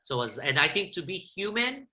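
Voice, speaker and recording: Journalist podcast guest, male, from SoCal; animated chatty storyteller, slightly high voice. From Southern California. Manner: animated, rapid storytelling with restarts. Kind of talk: casual interview chat.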